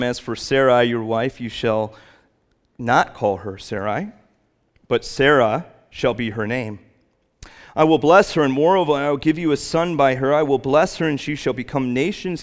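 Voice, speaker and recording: A male pastor preaching a sermon, animated, climbing to loud emphatic peaks and then dropping back down. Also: mid-range voice.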